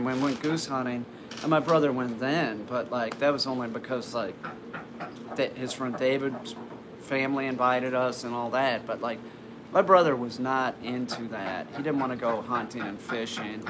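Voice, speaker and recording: Guy rambling through an old family story, mid-pitch voice, lots of likes and restarts, noisy background. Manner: rambling, with frequent restarts and fillers. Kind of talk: casual personal anecdote.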